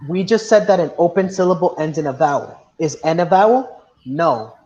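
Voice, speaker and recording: A male teacher with a slightly high voice leads a class lesson. He asks the students question after question in a patient, steady way. The sound is dull and lo-fi. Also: normal speed, gravelly. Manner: patient, questioning, mixes in Spanish. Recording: dull lo-fi audio.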